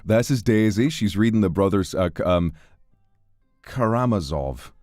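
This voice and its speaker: A man's voice: lowish voice, lively intonation, a little slow, darkish tone, no echo, studio quality, soft background music. A man putting on a chatty Irish park dad. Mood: friendly. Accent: put-on Irish. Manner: playful, stumbles on long words. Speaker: game character voice.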